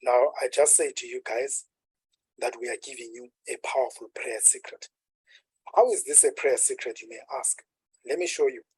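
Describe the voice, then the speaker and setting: A man preaching in a very husky, breathy voice, recorded dry and close. He teaches at an unhurried pace and poses rhetorical questions. He sinks to near-whispers when he speaks of stillness. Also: medium pitch, no echo, low-quality recording. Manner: unhurried teaching with rhetorical questions, dropping to a hush on calm words. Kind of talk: sermon.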